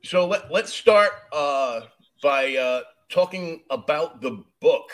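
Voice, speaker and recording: Male podcast host, high voice, halting questions with restarts. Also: expressive, fairly bright tone. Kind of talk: casual interview talk.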